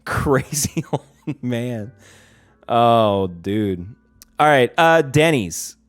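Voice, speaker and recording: A man's voice: medium pitch, lively intonation, extremely slow, faint music behind. A man streaming casually, rambling and swearing, with a lot of "like" and restarts. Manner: rambling and profane, heavy use of "like". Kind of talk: casual livestream chat.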